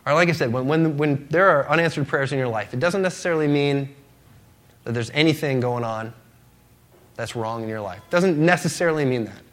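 A man's voice: mid-range voice, brisk. A middle-aged man preaching as a pastor in a casual, conversational sermon, acting out short quoted exchanges and asking "right?" often. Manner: conversational, acts out quoted voices of his daughters and himself, frequent "right?".

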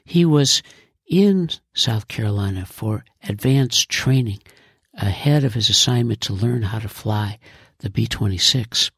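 A man reads the narration of an audio play slowly and with care. His voice is very husky and close-miked in a dry space. He speaks at a relaxed pace. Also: fairly low pitch, dry recording. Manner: slow and measured. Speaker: writer and narrator. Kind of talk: scripted narration.

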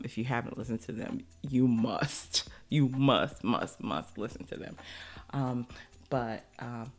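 Very low-voiced, slow-talking woman host. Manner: chatty, excitable, laughs often. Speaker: podcast host. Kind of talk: casual solo podcast chat.

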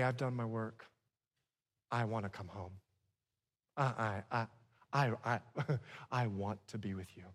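A man preaching a sermon to a congregation, swinging from hushed lines to loud ones and slipping in humorous asides. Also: medium pitch, husky, big-room sound. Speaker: pastor.

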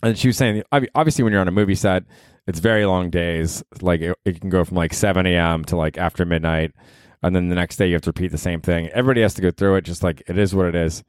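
A man's voice: low-pitched, quick pace, smooth, no echo, studio quality. A man in his thirties hosting a solo podcast, rambling casually, swearing freely and laughing at his own jokes. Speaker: podcast host.

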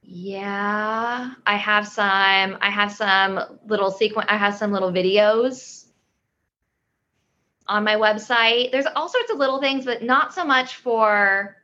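A woman's voice: mid-range voice, steady tone, slow, bright, forceful tone, lo-fi sound. A woman in her thirties, a yoga teacher guest on a podcast, explaining things in a rambling way with many restarts. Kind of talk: casual interview talk.

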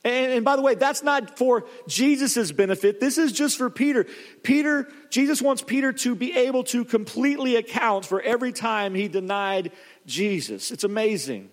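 Preaching at a normal speed, this pastor uses a high, lifted voice and tells his sermon story with animated energy, frequently starting over. The sound echoes with the long reverb of a big hall.

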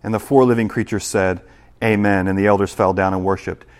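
A man preaching a sermon in church, dropping to quiet asides and rising to loud, slowed, climactic scripture reading. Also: lowish voice, little pitch movement. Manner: preaching with big swings between soft asides and loud, slow, climactic reading. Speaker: pastor.

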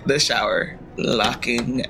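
A woman's voice: rumbling low, takes it slowly, gravelly, pushed and bright, faint music behind. A woman playing a character in a tabletop role-play game. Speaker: player.

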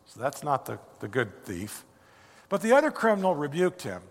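Male pastor, earnest sermon, animated pitch, long hall reverb. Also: normal speed. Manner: earnest, stumbling restarts. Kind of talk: sermon with a story read aloud.

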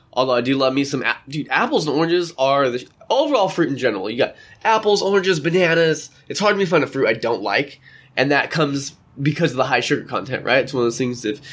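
A man's voice: mid-range voice, a bit bright. Rambling young man chatting casually. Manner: rambling, chatty, acts out quotes. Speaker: vlogger. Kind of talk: casual chat. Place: indoor room by a window.

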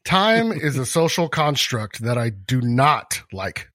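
A young adult man co-hosting a podcast in casual chat, goofy and animated, often slipping into silly character voices. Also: mid-range voice, slow pace, no room sound, clean studio sound. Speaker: podcast co-host.

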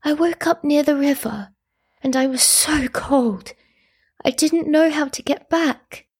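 A woman voicing a little boy who mumbles softly in a weakened voice. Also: very high-pitched, slow, no echo, clean studio sound, pitched above the performer's own voice. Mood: weak. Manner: weak, soft mumbling. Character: little boy, weak and cold.

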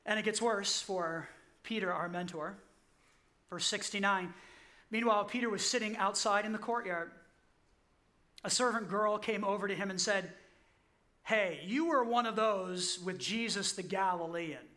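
A man preaching a sermon, telling the story vividly, acting out quotes and repeating key lines slowly. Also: sits high, sharp tone. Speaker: pastor.

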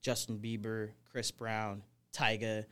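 A man's voice: fairly low pitch, slow pace, smooth. A young man as a podcast guest, telling his life story casually and energetically, full of "you know" and "like". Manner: energetic, rambling, frequent fillers like "you know". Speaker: guest, snake wrangler.

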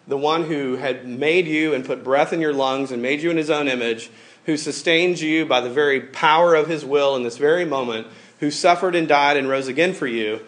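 Animated conversational male preacher. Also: a little high, moderate pace. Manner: conversational, animated, acts out quoted voices. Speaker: pastor. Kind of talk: sermon.

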